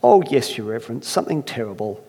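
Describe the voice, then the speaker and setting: A man's voice: mid-range voice, expressive, quick pace, warm tone, husky. A pastor playing a hapless, grumbling first man in a put-on Irish accent, bellowing demands and then turning meek, in an echoey hall.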